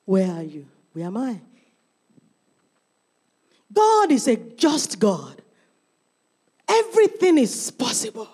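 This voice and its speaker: A woman's voice: a little high, huge pitch swings, takes it slowly, long pauses, mellow, slightly rough. A middle-aged woman pastor preaching a sermon, emphatic and calling out to members of the congregation. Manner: emphatic, calls out to the congregation by name.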